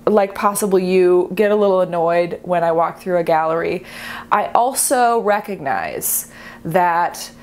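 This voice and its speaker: A woman's voice: fairly low pitch, measured pace. Chatty, playful woman explaining art. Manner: chatty, playful, self-mocking, animated. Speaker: artist and video host. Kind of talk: comedic art-history explainer.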